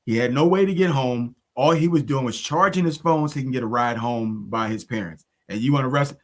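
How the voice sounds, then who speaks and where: A man voicing a stern, no-nonsense judge who speaks in a deliberate, incredulous way. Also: mid-range voice, lightly acted.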